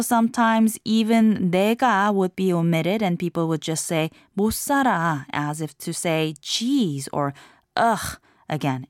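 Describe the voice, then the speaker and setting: A woman hosting a language lesson, explaining drama lines and phrases in a clear, measured scripted way. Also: mid-range voice, dry recording, clean studio sound.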